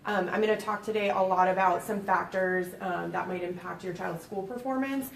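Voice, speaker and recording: A woman's voice: mid-range voice, steady tone, moderate pace, creaky, few pauses. A woman from Boston with a Boston accent, a nurse giving a friendly educational presentation with frequent fillers. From Boston, USA. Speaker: pediatric epilepsy nurse presenter. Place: library meeting room. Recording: echoey room, distant mic, faint noise.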